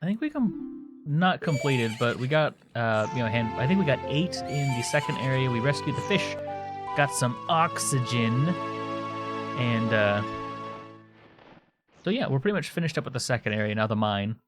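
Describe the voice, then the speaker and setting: A man of medium pitch and lively intonation keeps a moderate pace as he streams a game from home. He rambles and talks casually with viewers while playing, game music in the background.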